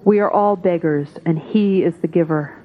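A woman reading devotional texts aloud at a spiritual gathering, in a measured, solemn way. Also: fairly low pitch. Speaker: satsang reader. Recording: tinny phone-like audio.

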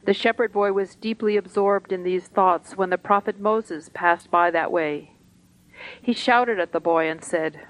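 Woman slowly reading a spiritual talk. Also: mid-range voice, lo-fi sound. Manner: slow, deliberate, measured reading. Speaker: reader at a spiritual gathering.

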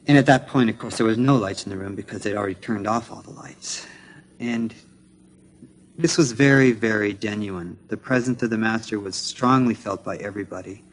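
Low-voiced guy telling a story earnestly, halting, restarts a lot, explains words as he goes. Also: a little hiss or hum. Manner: measured with frequent restarts. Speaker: speaker sharing trip experiences at a spiritual gathering. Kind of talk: recounted personal story.

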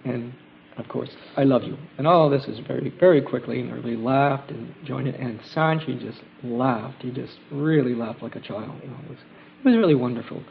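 A man of middle pitch talks in a halting, reflective way, stopping often for fillers and restarts. His voice has a gravelly edge. The recording is a dull, lo-fi tape with faint hiss under it. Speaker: group member sharing trip experiences. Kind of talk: casual spoken testimony at a gathering.

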